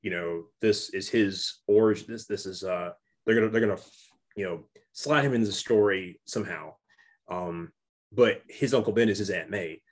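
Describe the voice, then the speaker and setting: A young man co-hosting a casual movie review chat, talking in halting bursts full of restarts and repeats. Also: on the low side, breathy edge. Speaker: podcast co-host.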